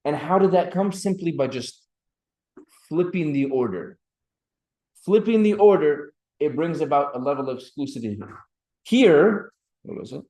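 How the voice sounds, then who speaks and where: A man's voice: a little high, expressive, normal speed, darkish tone. A man teaching an Arabic grammar class, quizzing students by name and reciting Arabic phrases between his English explanations. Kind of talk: classroom lecture. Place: seminary classroom.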